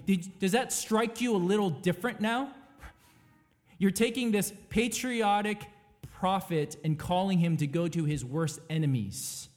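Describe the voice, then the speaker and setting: A man's voice: on the high side, unhurried, darkish tone. A man preaching a sermon as pastor, emphatic and dynamic, asking his listeners rhetorical questions.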